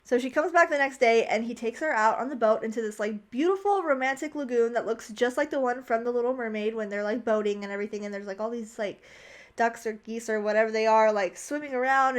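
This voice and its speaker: High-voiced chatty young woman. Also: fast talker. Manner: chatty, heavy use of "like", opinionated. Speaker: vlogger. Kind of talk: casual movie recap.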